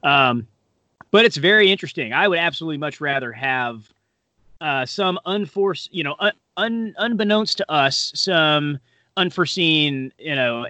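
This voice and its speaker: A man's voice: fairly high pitch, lively intonation, moderate pace, sharp tone, no echo. A man co-hosting a podcast in casual, rambling chat, full of fillers and self-deprecating asides. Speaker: podcast co-host.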